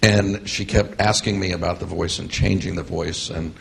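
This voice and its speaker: A workshop participant, a man, sharing his experience in a halting way, searching for words. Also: low-pitched, steady tone, gravelly, fairly bright tone, slight background noise.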